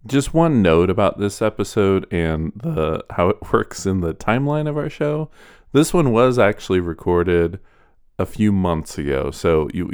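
A man co-hosting a podcast, friendly and relaxed, giving a casual intro and chat. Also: low voice, smooth, dry recording, studio quality. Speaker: podcast co-host.

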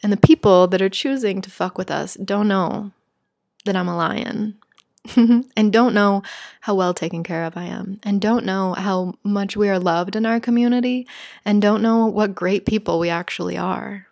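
A woman's voice: mid-range voice, moderate pace, vocal fry, darkish tone. Woman, spiritual speaker, heartfelt and emphatic, reflective talk. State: shaken.

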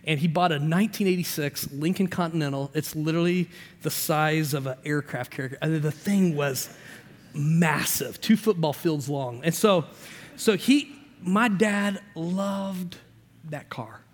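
A man preaching as a pastor, telling a personal story with lively shifts between loud and quiet and acting out the voices in it. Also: a little high, unhurried, big-room sound. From Indiana. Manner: animated storyteller, shifting loud and soft, acts out dialogue.

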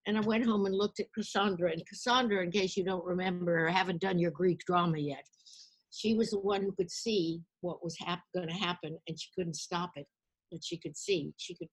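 An older woman, an actress, recounting her past in a storytelling interview, lively and acting out the people she quotes. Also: fairly low pitch, fairly quick, slightly rough.

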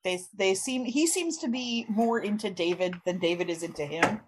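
A woman with a husky, mid-range voice speaks at a moderate pace as she goes over a comic book plot on her podcast. The recap is chatty and laughing, packed with fillers.

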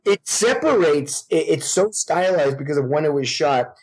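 A man in his forties, a guest actor, telling stories in casual podcast chat with a lively, profane manner. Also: on the high side, moderate pace, husky. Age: 40s. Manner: profane, animated storytelling.

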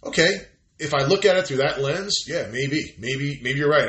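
A man talking in a casual conversation, animated and profane, acting out quoted voices as he goes. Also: mid-range voice, a little fast, roomy sound.

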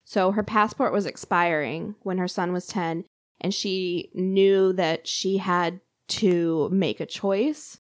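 A woman's voice: fairly low pitch, fairly even intonation, slow pace, no room sound, clean studio sound. A woman hosting a podcast, recounting a true crime story in a casual, chatty way with frequent fillers. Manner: conversational, lots of "like" and fillers.

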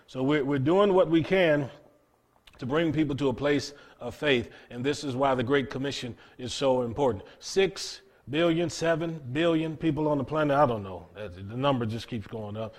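A man preaching a sermon in an earnest, emphatic way, with dramatic pauses and repeated words. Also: medium pitch.

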